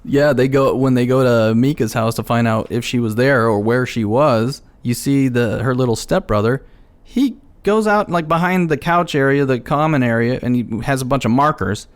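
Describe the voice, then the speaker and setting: A man's voice: mid-range voice, normal speed. A man co-hosting a podcast, recapping a movie in casual chat and acting out quotes with lots of laughter. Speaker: podcast co-host.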